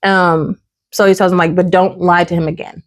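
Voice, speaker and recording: A woman's voice: lowish voice, fairly quick. A woman hosting a podcast, casually recapping a drama and acting out the characters' lines. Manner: animated storytelling, acts out characters' lines. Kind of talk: casual chat.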